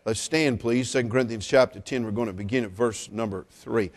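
A middle-aged man preaching at a church service, teasing the congregation with jokes and rising to loud exclamations. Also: medium pitch, a little fast. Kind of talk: sermon with humorous asides.

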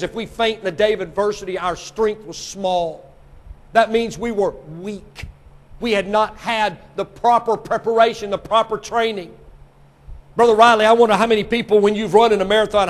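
A man preaching a sermon, swinging from quiet teaching to shouted exhortation. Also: high voice.

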